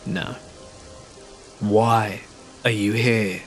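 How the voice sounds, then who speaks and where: A man voicing a menacing adult male stranger, a cold driver who speaks flatly and keeps repeating his demands. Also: on the low side, drawn-out words, vocal fry, soft background music, exaggerated voice. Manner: flat, demanding, repeats himself.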